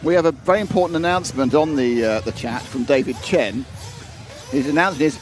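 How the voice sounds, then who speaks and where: A man's voice: medium pitch, fairly quick. A British man co-hosting a racing live stream, chatty and self-mocking, often laughing. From United Kingdom. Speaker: race stream co-commentator. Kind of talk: casual live-stream chat.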